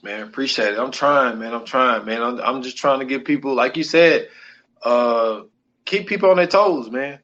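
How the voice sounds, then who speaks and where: A man's voice: medium pitch, moderate pace, fairly bright tone, muffled recording. A man co-hosting a podcast in casual chat, loose and repetitive, leaning on "man" between phrases. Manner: loose, repeats himself, keeps saying "man". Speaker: podcast co-host.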